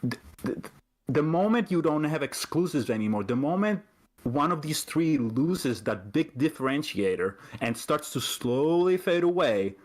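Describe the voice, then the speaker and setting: A man's voice: fairly high pitch, expressive, unhurried. A man who is a guest on a podcast, speaking in a teasing way that turns earnest and insistent when he argues a point. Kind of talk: casual podcast chat.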